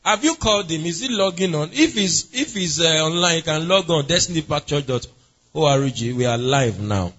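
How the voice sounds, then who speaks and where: A man's voice: fairly high pitch, expressive, moderate pace, fairly bright tone, muffled recording. A man preaching an interactive sermon, asking the congregation questions and calling on members by name. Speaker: pastor.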